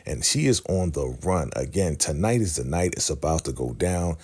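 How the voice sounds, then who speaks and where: A young man recapping a TV episode in casual narration, retelling the scenes through quick snatches of quoted dialogue. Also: expressive, darkish tone. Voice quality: very deep, gravelly voice. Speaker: show host recapping a TV episode.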